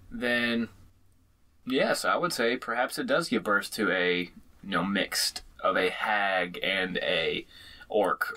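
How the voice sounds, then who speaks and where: Relaxed, musing man on a game podcast. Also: on the low side. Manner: relaxed, musing, with "you know" fillers. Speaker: podcast co-host and player. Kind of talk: casual tabletop game podcast chat.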